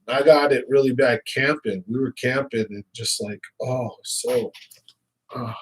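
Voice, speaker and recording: A young man talks loosely to his viewers on a live stream, rambling from one thing to the next and breaking into laughs. His voice sits at a middle pitch and sounds a bit stuffy from sinus trouble. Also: steady tone, unhurried, husky. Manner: chatty, rambling, laughs often. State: slightly congested with sinus trouble. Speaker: fishing channel host.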